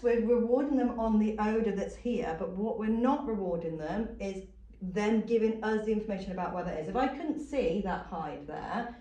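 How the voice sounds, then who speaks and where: A woman's voice: medium pitch, warm tone. Woman dog trainer walking thru a demo, patient, kinda echoey and far from the mic. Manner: patient, explains step by step with repeated reminders. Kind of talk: instructional demonstration. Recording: roomy sound from a distant mic.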